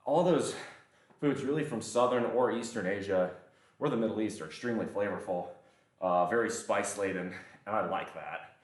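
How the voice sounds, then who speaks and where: Rambling, profane man streaming. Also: on the low side. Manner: rambling, profane, quick to laugh. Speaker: livestreamer. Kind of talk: casual livestream chat. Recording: echoey room, voice far from mic.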